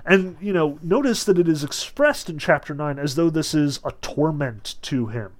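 A fairly high-pitched male voice with lively intonation moves at a moderate pace. The speaker delivers a casual lecture about a novel, chatting with many a "like" and "notice" and reading passages aloud.

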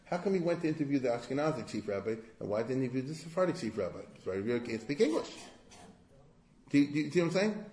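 A man speaks very fast in a sing-song, mellow voice of medium pitch while giving a casual history lecture. He wanders off on tangents and often poses rhetorical questions, and the room echoes noticeably.

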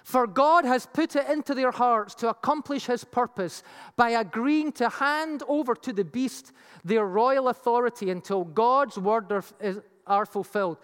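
A preacher giving an animated Bible teaching sermon with slides, acting out the voices it quotes. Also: mid-range voice, moderate pace, smooth. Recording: long reverb of a large hall.

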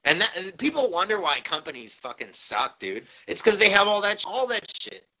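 A man co-hosting a podcast, swearing and venting with exasperation. His pitch swings widely, and his tone is sharp and forceful. The recording sounds dull and lo-fi. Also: big pitch swings, fairly quick. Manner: profane, exasperated ranting. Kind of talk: casual chat.

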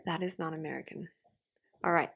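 A woman's voice: sits low, creaky, fairly bright tone, slight background noise. A woman hosting a casual quiz, teasing and laughing between questions. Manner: teasing, laughs often, quick asides. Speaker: quiz host. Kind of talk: casual quiz game chat.

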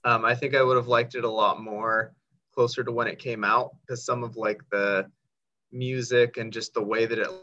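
A man's voice: mid-range voice, level tone, moderate pace, sharp tone. A man on a casual film podcast, sharing his opinion hesitantly with lots of fillers. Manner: hesitant, rambling, many fillers. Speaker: podcast co-host. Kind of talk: casual chat. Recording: dull lo-fi mic.

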